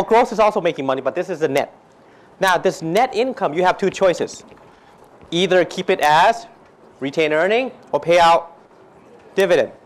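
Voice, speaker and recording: A man teaching a finance class, questioning students constantly and joking between points. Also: on the high side. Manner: questions students constantly, mixes Thai phrases, jokey. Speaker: finance lecturer. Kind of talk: classroom lecture.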